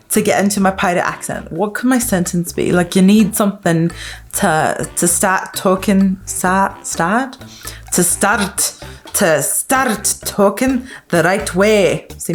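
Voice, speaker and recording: A woman vlogging in a chatty, playful way, laughing often as she talks. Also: on the low side. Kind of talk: casual vlog talk.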